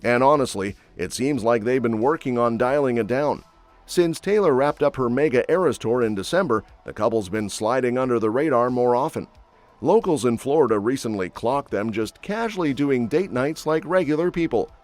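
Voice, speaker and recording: A man's voice: mid-range voice, expressive, moderate pace, darkish tone, faint music behind. A man reading a scripted celebrity gossip voice-over in a breezy, jokey manner. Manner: breezy, jokey, quippy delivery. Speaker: entertainment news narrator.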